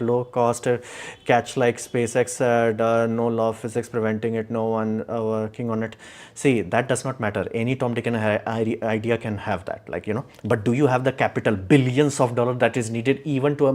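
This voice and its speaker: A man's voice: medium pitch, a little mellow. A man hosting a casual livestream, blunt and opinionated, rambling with many fillers as he answers chat.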